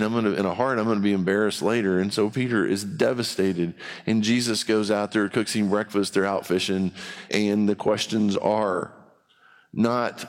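A man's voice: lowish voice, in a large hall. A man preaching a sermon in a church, talking to the congregation in a conversational way and acting out other people's voices. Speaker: pastor.

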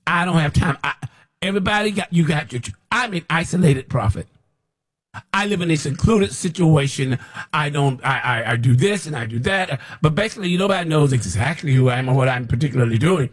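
A self-described prophet preaches to the camera, bluntly scolding and rambling, often repeating himself. His voice is slightly high, expressive, and a little fast.

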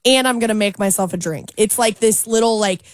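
A woman co-hosting a morning radio show, chatting in a lively way with lots of likes and restarts. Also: medium pitch, fairly quick, no echo. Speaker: radio co-host. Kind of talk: casual morning radio chat.

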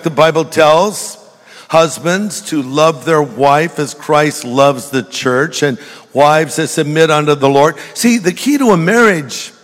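Older man, pastor, humorous sermon, slightly high voice, long hall reverb. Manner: humorous storytelling, jokey asides to the congregation. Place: large church hall.

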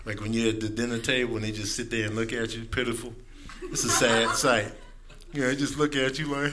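A male stand-up comedian, animated and acting out pets in silly voices. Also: medium pitch, fairly quick. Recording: noisy live club recording.

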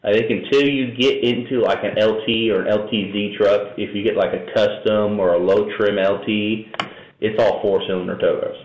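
A man's voice: fairly low pitch, fairly even intonation, normal speed, lo-fi sound. A man talking casually and knowledgeably as an interview guest, in a loose, rambling, matter-of-fact way. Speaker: truck and camper towing expert guest. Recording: echoey room, faint noise.

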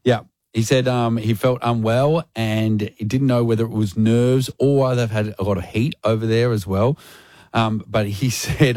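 A man's voice: medium pitch, fairly even intonation, measured pace, darkish tone, no room sound, clean studio sound. A man with an Australian accent hosting a radio show, telling a story in a jokey, casual way. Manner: jokey storyteller leading the segment. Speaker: radio host. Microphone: studio microphone.

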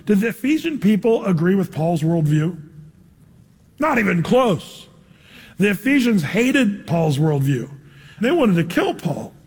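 A male pastor preaches in a high, husky voice, talking to his listeners conversationally and peppering the sermon with rhetorical questions. Long reverb from a large hall hangs after his phrases. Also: darkish tone.

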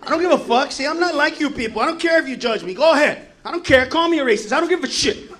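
Man with a very high voice, stand-up comic, profane, shouts punchlines. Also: lively intonation, fast, slight background noise. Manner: profane, shouting punchlines, laughing through lines. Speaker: stand-up comedian. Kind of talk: stand-up comedy routine.

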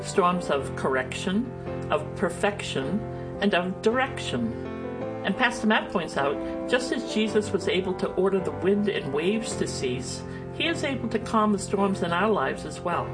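A woman reading a scripted radio program introduction in a smooth, even manner. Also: mid-range voice, a little slow, poor audio. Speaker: radio announcer. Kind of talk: scripted narration. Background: guitar music.

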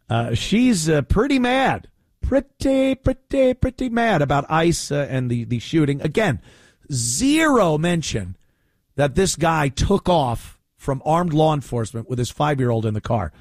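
Sarcastic New man with lively pitch. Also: no echo. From New York. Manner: sarcastic, mocking, exasperated. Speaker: political commentary host. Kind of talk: opinion commentary.

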